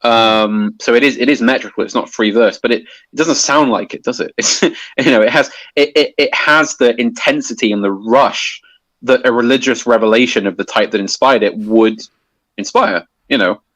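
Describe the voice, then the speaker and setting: A man's voice: mid-range voice, normal speed, fairly bright tone, no room sound, low-quality recording. A man explaining a topic in casual conversation, hesitant with many restarts and fillers. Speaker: guest explaining poetry.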